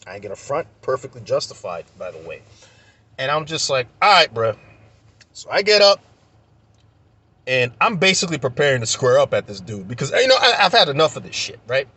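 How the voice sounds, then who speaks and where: Heated, husky young man ranting. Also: medium pitch, big pitch swings, brisk, bright, forceful tone. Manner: heated, profane, repeats himself when worked up. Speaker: vlogger. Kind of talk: casual storytelling rant.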